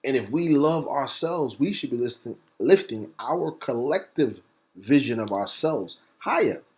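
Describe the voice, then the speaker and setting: A man hosting a talk segment preaches an impassioned monologue at medium pitch, his intonation lively throughout. He sometimes spells words out letter by letter, and his rhythm shifts between quick bursts and slow, emphasized words.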